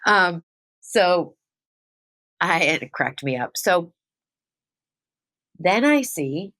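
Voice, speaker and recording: A woman podcast host and spiritual medium telling a story in a casual, chatty way, with lots of "like" and giggles. Her voice jumps up high when she gets excited. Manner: chatty, giggly, heavy use of "like".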